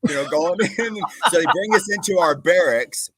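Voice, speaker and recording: A man co-hosting a talk show, telling a story in a casual, animated way, laughing often and saying "like" a lot. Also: high voice, moderate pace, husky, no room sound.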